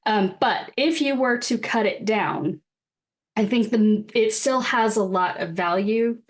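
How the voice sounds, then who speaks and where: A woman's voice: on the high side, unhurried. A woman co-hosting a podcast in casual chat, wry and profane, laughing often as she talks about a film and family memories. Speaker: podcast co-host.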